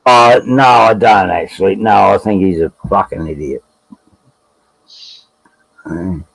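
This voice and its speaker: Slow, gravelly Australian man. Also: sits low, fairly bright tone, no room sound, rough recording. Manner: blunt, swears freely. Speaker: livestream guest. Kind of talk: casual chat.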